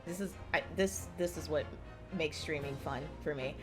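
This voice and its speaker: A woman streaming a game to her live chat, gushing and excitable, rambling with many fillers and swearing when she gets hyped. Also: deep voice, moderate pace. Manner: rambling, with many likes and ums. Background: jazzy game music.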